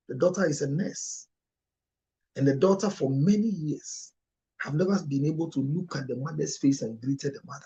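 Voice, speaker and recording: A male marriage counselor delivers an emotional monologue, his pitch and volume leaping upward in sudden bursts. He sounds close to tears at times. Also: moderate pace. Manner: emotional, with sharp rises in pitch and loudness.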